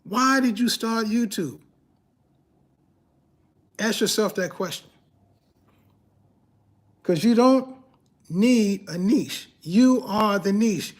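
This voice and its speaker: A man's voice: high-pitched, slow, pauses often. A man hosting a livestream as a YouTube growth coach, talking emphatically and casually, repeating key phrases and firing rhetorical questions. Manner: casual, slangy speech.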